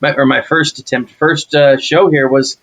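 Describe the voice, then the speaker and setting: A man from Texas in casual chat as a podcast guest. He is easygoing and self-deprecating and hesitates with fillers, his voice sitting a little high. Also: fairly even intonation, normal speed, a bit bright, a little hiss or hum, poor audio. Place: home basement.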